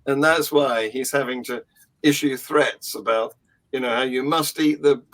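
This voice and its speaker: A man hosting a casual panel discussion, introducing clips in a measured, wry way. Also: medium pitch, steady tone, fairly bright tone. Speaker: podcast host.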